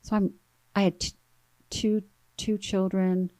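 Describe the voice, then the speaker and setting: A woman in her thirties, appearing as a guest, tells an emotional personal story earnestly and haltingly, repeating words as she goes. Her voice is mid-range, level, and dark in tone, with no room sound.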